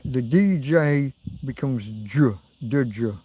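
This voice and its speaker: A man's voice: mid-range voice, expressive, slow, mellow, a little hiss or hum, low-quality recording. A middle-aged man hosting a rambling livestream, reading out viewer comments and answering them as he goes. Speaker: livestream host. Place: outdoors in a rural spot.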